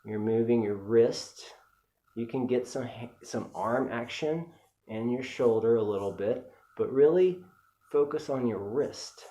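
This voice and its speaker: Chatty male percussion teacher, mellow tone, easygoing lesson delivery. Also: mid-range voice, unhurried. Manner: relaxed, chatty, with fillers. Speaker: music teacher. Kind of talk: casual instructional talk.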